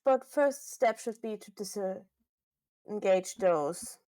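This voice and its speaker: A woman's voice: medium pitch, expressive, slow, mellow. A woman player speaking earnestly in character during a casual tabletop role-playing session.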